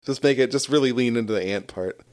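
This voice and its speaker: A man chatting casually on a podcast, laughing often and cursing freely. His voice sits at an ordinary middle pitch. He sounds loose and unguarded. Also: fast talker. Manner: laughs a lot, swears freely. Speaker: podcast co-host. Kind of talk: casual chat.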